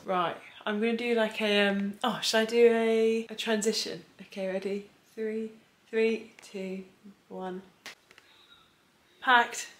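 She speaks slowly, with medium pitch and little pitch movement, narrating her day in a chatty, confiding ramble. She's a lifestyle vlogger in her twenties, and the clip comes from an echoey room with faint noise.

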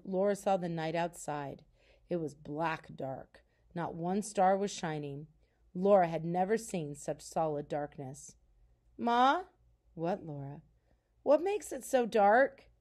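Calm woman reading a storybook aloud. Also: fairly low pitch. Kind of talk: reading a children's novel aloud.

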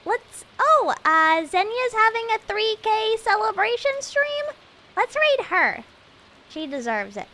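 A young woman streaming a video game live, rambling and joking at herself, swinging from mumbled asides to loud excited bursts. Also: very high voice, unhurried. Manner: rambling, self-mocking, jumps between mumbling and loud excitement. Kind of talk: live gameplay stream chatter.

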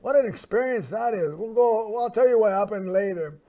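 A man's voice: high-pitched, a little fast, warm tone. A man hosting a show, telling a personal story in a rambling way, full of fillers and restarts. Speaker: host.

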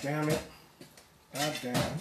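A man hosts a casual home cooking live stream from an echoey kitchen, picked up by a distant mic with background noise. His voice is fairly high, level and slow, and he stammers and repeats words while chatting with viewers.

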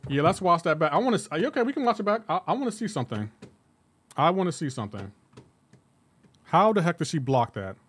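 A man livestreaming gameplay and chatting with his viewers, animated and incredulous and laughing often. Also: a little high, quick pace, long pauses, husky. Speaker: gaming livestreamer. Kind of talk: live gameplay commentary with chat.

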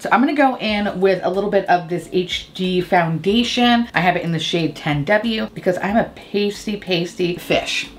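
Woman, makeup vlog chatter, swears freely, jokey and candid, laughs often. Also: mid-range voice. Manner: candid, profane and joking. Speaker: beauty vlogger. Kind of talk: casual makeup chat and storytelling.

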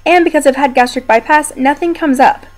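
A woman's voice: high-pitched, fairly quick, background noise. A young woman talking casually to her viewers from home while injured and in pain, rambling but upbeat. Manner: chatty, rambling, quietly upbeat despite pain. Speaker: video blogger. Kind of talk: casual personal vlog. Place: downstairs room at home.

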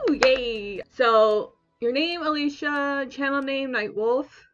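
A woman's voice: high-pitched, slow, a bit bright, dull audio, soft background music. A woman giving bubbly, giggly, chatty commentary while playing a video game. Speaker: gaming YouTuber. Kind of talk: casual let's-play commentary.

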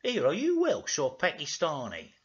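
A man's voice: on the high side, wildly swooping pitch, normal speed, husky, exaggerated voice. A man voicing a cocky, scheming male cartoon dog with a brash, swearing manner, on a dull lo-fi recording. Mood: cheeky.

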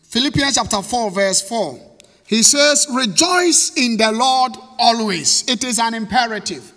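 Ghanaian preacher man, high bright voice, slow and drawn out, repeats words, church echo. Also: animated. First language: Twi. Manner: switches between English and Twi, repeats key words, calls out to congregation. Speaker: pastor. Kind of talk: sermon. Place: church hall. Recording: long reverb of a church hall.

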